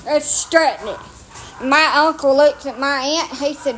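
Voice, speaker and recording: A woman tells a story outdoors, talking in a slow, unhurried drawl. Her voice sits a little high, and she is blunt, salty and quick to poke fun at herself. A faint outdoor noise hangs under her phone recording. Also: a bit bright. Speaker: storyteller vlogger. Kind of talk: casual storytelling. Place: outdoors on rural property with dogs.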